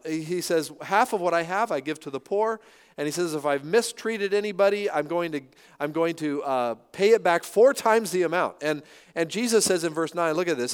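A middle-aged male pastor preaching a sermon in an animated, conversational way, with self-deprecating humor. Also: high voice, clean tone. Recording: reverberant hall.

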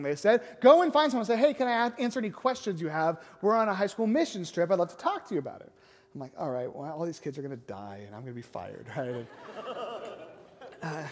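A man's voice: sits high, darkish tone. A man, a youth pastor, telling a story in a casual sermon and often tagging lines with "right?". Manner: conversational, keeps asking "right?". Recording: long echoing hall reverb.

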